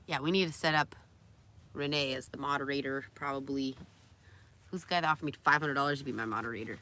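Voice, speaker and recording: A young woman with a notably low voice chats on a live stream and reads viewer comments aloud. She drifts now and then into cooing baby talk. Faint noise hums under the recording. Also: quick pace, sharp tone. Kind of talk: casual live-stream chat.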